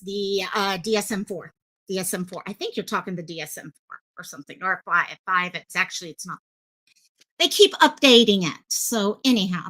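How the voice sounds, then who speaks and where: A woman's voice: on the high side, pushed and bright. A woman hosting a casual live stream, chatting with viewers and greeting them by name in a rambling, filler-heavy way. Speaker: livestream host. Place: home streaming setup in Hawaii. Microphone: headphones with mic at desk.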